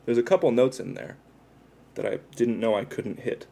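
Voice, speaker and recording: A man's voice: medium pitch, animated, normal speed, creaky, dark tone, a little hiss or hum. A man chatting casually with his viewers on a livestream, rambling and self-deprecating as he talks while tattooing himself.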